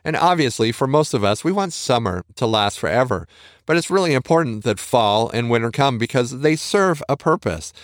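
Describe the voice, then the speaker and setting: A man hosts a motivational podcast in an earnest, coaxing tone, often restarting his sentences as he goes. His voice sits at an ordinary middle pitch. The recording is dry and close, with no room sound. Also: lively intonation, moderate pace, no echo. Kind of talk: encouraging podcast talk.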